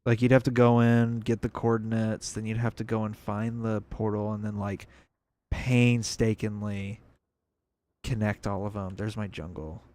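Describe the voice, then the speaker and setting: A man's voice: fairly low pitch, flat delivery, moderate pace, a little mellow. A young man giving casual, rambling commentary on a video game as he plays, thinking aloud. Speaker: gameplay video creator.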